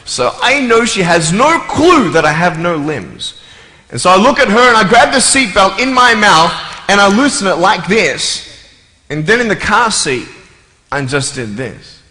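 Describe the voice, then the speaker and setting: A man's voice: high-pitched, very animated, unhurried, bright, forceful tone. A man giving a humorous live talk to an audience as a motivational speaker, joking playfully and acting out voices and sounds. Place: large hall before a live audience. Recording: echoey hall, long reverb, faint ambience.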